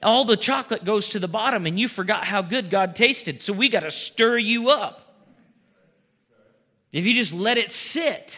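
A man's voice: high voice, lively intonation, normal speed. A pastor preaching a sermon in a conversational, emphatic way, chuckling at his own lines. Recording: long reverb, dull muffled sound.

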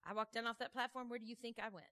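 A woman preaching a sermon, telling a story in a lively, conversational way, with folksy phrasing and questions tossed to the congregation. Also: on the high side, very fast. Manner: animated, conversational, asks the crowd questions.

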